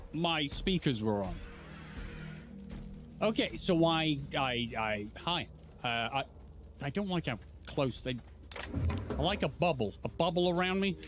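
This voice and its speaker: A man streaming a game playthrough, talking casually in a joking, excitable way. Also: on the high side. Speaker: gaming streamer. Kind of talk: casual let's play commentary.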